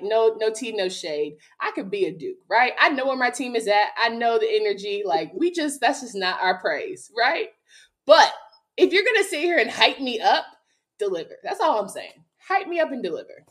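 A woman with a Southern accent, co-hosting a sports talk show, ranting about her team with laughs in between. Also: on the high side. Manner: venting, animated, laughing between rants. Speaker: co-host.

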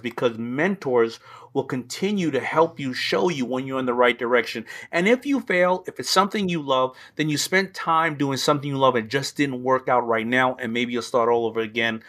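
A man who is a podcast guest gives advice in an energetic, emphatic way. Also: mid-range voice. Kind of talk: interview talk, giving advice.

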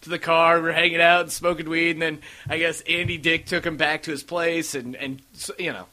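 A man's voice: fairly high pitch, flat delivery, a little fast, bright, forceful tone. A man hosting a casual podcast, rambling through stories and acting out what others said. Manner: rambling storyteller, acts out quotes. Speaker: podcast host.

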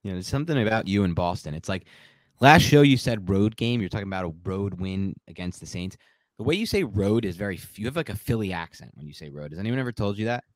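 A man hosting a casual sports talk show, opinionated and animated, laughing now and then mid-sentence. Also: lowish voice, fast talker, dry recording. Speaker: sports podcast host.

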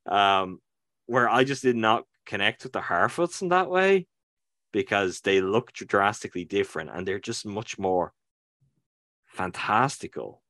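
A man's voice: on the low side, animated, measured pace, fairly bright tone, dry recording, clean studio sound. A man co-hosting a casual talk show, rambling with many fillers and restarts as he thinks aloud. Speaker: podcast co-host. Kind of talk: casual discussion.

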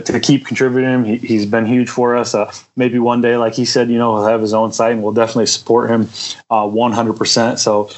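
A man hosting a podcast in casual chat, halting, repeating words, and laughing often. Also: mid-range voice, rough recording. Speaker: podcast host.

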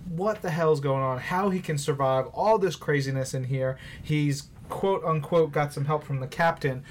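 A man with a slightly high voice, chatting loosely about comics on a podcast. He strings his points together with fillers and jokes. Faint room noise hums underneath. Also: moderate pace. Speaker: podcast co-host. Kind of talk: casual comic book review chat.

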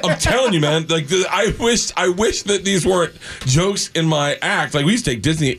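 A man from Florida, a comedian telling wild stories on a radio show, animated and laughing through his punchlines. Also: sits high, normal speed, husky. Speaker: comedian guest. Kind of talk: casual chat, storytelling.

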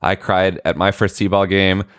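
A man's voice: low-pitched, flat delivery, measured pace, fairly bright tone, smooth, dry recording, studio quality. A man in his late thirties, co-hosting a podcast, who tells stories in casual chat and acts out the people he quotes. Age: late 30s. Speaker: podcast co-host.

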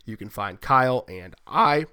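A man's voice: medium pitch, lively intonation, a little slow, sharp tone. A man hosting a sports podcast, chatty and joking, who asks long rambling questions. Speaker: podcast host. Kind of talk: casual sports podcast chat.

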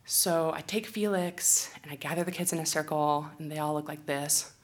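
A woman's voice: low-pitched, fairly even intonation, moderate pace, noisy background. A young woman, an outdoor educator, telling a funny self-mocking story on stage into a microphone, laughing often. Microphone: handheld or stage microphone.

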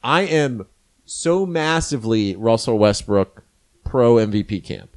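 A man's voice: mid-range voice, unhurried, a little mellow. A man co-hosting a casual sports podcast, earnest and strongly opinionated. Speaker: podcast co-host. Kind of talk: casual chat.

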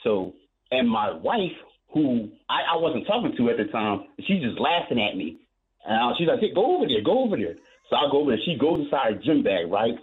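A man's voice: mid-range voice, brisk. Rambling male caller on a tinny phone line. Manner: rambling, repeats himself, animated storytelling. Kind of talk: telling a story on a phone call.

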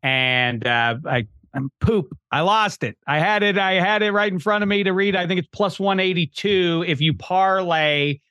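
50s guy on a betting podcast, bright forceful voice, kinda high, ribbing his buddies. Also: normal speed, clear, resonant tone, dry recording. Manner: animated, teasing banter. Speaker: podcast co-host. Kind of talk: casual sports betting chat.

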